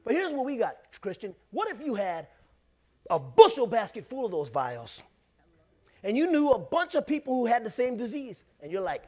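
A middle-aged man, the pastor, preaching a sermon in a conversational way, swinging between loud bursts and hushed asides. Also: very high voice, huge pitch swings, normal speed.

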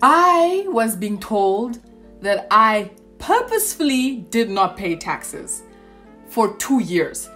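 A young woman vlogger telling a storytime tale in a sassy, animated way, with lots of asides. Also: fairly high pitch, slow pace, faint music behind.

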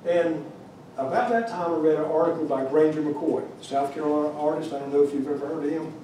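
A man's voice: fairly high pitch, quick pace, dark tone, slight background noise. Man telling stories in an echoey room. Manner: humorous, rambling, many restarts. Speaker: wildlife carver giving a talk. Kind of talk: storytelling lecture. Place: museum lecture room. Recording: echoey room, mic far off.

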